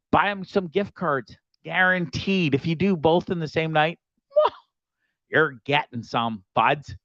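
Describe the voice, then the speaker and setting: A man's voice: a little high, fairly bright tone, smooth, dry recording, highs cut off. A man hosting his own show, reading sponsor spots in a rambling, profane, joking way. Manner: rambling, profane, jokey, restless. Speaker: show host. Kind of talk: casual show monologue with sponsor reads.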